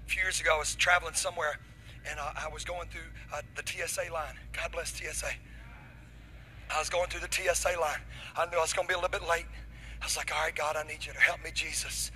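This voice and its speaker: A man preaching from the pulpit, his voice high and strikingly bright. He delivers the sermon with dramatic energy, acting out little scenes, and a faint hum of noise sits under the recording. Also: fast talker, poor audio. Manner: energetic, dramatic, acts out stories. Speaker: pastor. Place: church.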